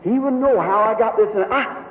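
A man's voice: a little high, close to an everyday voice. A man voicing a timid, repentant woman in tears, stammering and pleading, inside a sermon. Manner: halting, stammering, breathless pleading. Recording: tinny phone-like echoey hall.

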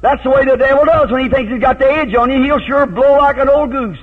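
High-voiced preacher on old tinny tape. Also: male voice, a little fast, breathy edge. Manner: folksy storytelling, breaking into shouted hallelujahs. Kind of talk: revival sermon.

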